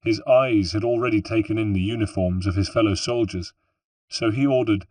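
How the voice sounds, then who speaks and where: A man narrating an audiobook in a steady, measured way. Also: lowish voice, no room sound, far from the mic. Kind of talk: scripted narration.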